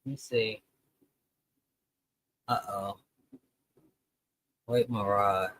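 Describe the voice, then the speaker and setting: A man's voice: lowish voice, steady tone, very slow, fairly bright tone, a little hiss or hum. A man chatting casually to his viewers during a live reaction stream, talking to them as "y'all".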